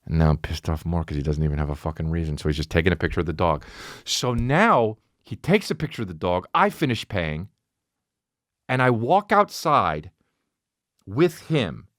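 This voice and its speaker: A man hosting a podcast, telling a comic story as a profane, animated rant that keeps interrupting itself. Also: low-pitched, normal speed, no room sound, studio quality. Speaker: podcast host. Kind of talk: comedic storytelling monologue.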